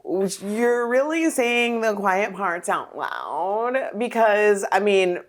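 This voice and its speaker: A woman hosting a podcast interview, talking in an animated, emphatic way and laughing often. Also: mid-range voice, slow pace. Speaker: podcast host. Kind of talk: casual conversational interview.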